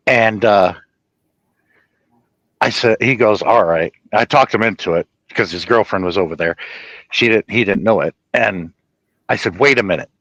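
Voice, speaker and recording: A man telling a personal story in a rambling, profane, animated way, laughing at his own tale. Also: fairly low pitch, unhurried, long pauses, dry recording, highs cut off.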